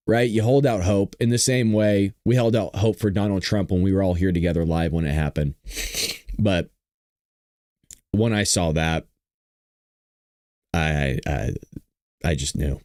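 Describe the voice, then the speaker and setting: A man hosting a live stream, choked up and tearful, talking in halting starts that trail off. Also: low-pitched, a little mellow, dry recording, clean studio sound. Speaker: livestream host. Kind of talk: emotional live stream talk.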